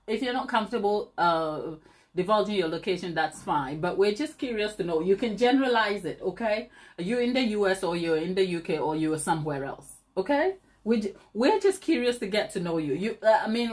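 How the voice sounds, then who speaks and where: A woman hosting a baking channel, chatting and teasing viewers during a live stream while she decorates, laughing often. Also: mid-range voice.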